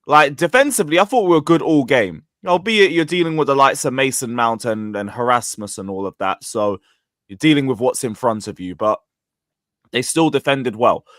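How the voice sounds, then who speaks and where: A man's voice: medium pitch, animated, normal speed, a bit bright, no room sound. A man hosting a casual football stream, frank and ranting, with swearing.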